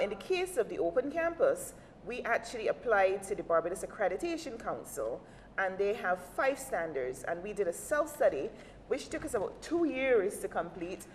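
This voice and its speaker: A woman, a quality assurance officer, giving a measured explanation as a guest on a broadcast panel. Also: mid-range voice. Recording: noisy roomy hall.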